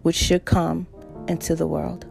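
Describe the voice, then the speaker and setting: A woman's voice: low-pitched, little pitch movement, unhurried, creaky, darkish tone, faint music behind. A woman preaching a sermon, reading scripture aloud and speaking from the heart.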